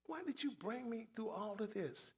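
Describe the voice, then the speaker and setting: A grieving righteous old man, Job, pours out his losses, as a preacher takes on his voice. The voice is high and bright, rising into loud cries and falling to near-hushed pleading. He speaks slowly, with wide swings in pitch. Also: very animated, gravelly, exaggerated voice. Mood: forsaken. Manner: dramatic first-person lament, swinging from loud to hushed. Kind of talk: dramatic sermon monologue.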